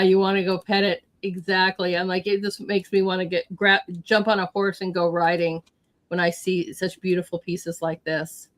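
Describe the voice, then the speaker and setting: Gushing woman host, lowish voice. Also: little pitch movement, normal speed. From United States. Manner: gushing, effusive praise. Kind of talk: casual chat.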